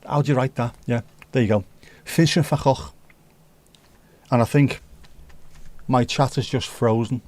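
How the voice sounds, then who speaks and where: A Liverpool man with a Scouse accent hosts a casual livestream, joking with viewers and reading out their chat comments. His mid-range, darkish voice is steady and measured, with frequent pauses.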